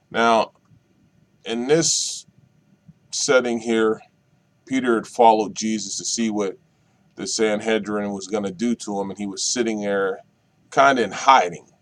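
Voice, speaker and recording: Brief: male minister at a Bible study, reading a passage then unpacking it, measured and repetitive. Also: on the low side, steady tone. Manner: slow, deliberate, repeats key phrases. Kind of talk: reading and explaining scripture.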